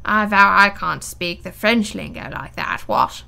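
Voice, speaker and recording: A woman reading the part of a lazy, foppish English gentleman with a slow, languid drawl. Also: mid-range voice, vocal fry, heavily acted.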